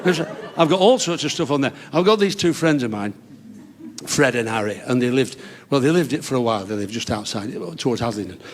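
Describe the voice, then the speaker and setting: A stand-up comedian tells old-school jokes in a club, chatty and chuckling between lines as he lands broad punchlines. His voice is mid-range, expressive and brisk, with a faint crowd in the background.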